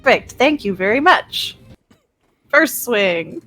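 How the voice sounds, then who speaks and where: A woman's voice: fairly high pitch, sing-song, takes it slowly, fairly bright tone, faint music behind. A woman playing a tabletop game, cheerful and polite. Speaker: player.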